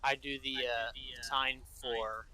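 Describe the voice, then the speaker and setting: A man's voice: medium pitch, flat delivery, slow pace, bright, forceful tone, a little hiss or hum. A man playing a tabletop game, calling out his rolls emphatically. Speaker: player.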